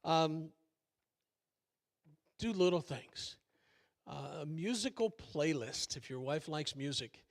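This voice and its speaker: An older man preaches as a church pastor, with a voice that sits a little higher than most men's. He talks in a folksy, conversational way, full of fillers and joking asides at his own expense. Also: lively intonation, takes it slowly, gravelly, pauses often. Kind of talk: sermon. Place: church sanctuary.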